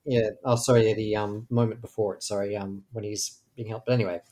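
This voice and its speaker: A man co-hosting a podcast book discussion who points out small details and restarts with quick apologies. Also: lowish voice, level tone, dark tone. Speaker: podcast co-host. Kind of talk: casual book-club discussion.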